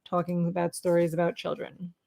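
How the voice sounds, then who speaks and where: A woman's voice: lowish voice, monotone, fairly quick, gravelly, dark tone. Teasing woman greeting livestream chat. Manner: teasing, rambling, reads out viewer names. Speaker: co-host of a livestream show. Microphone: webcam.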